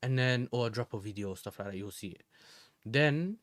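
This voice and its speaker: A man's voice: mid-range voice, brisk, no echo, studio quality. A young man from the Netherlands, chatting casually and rambling in slang as a football live-streamer.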